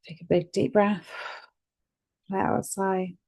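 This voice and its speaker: A woman guiding a tapping session, speaking calmly and gently and repeating phrases for the listener to say back. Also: mid-range voice, unhurried. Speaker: EFT tapping guide.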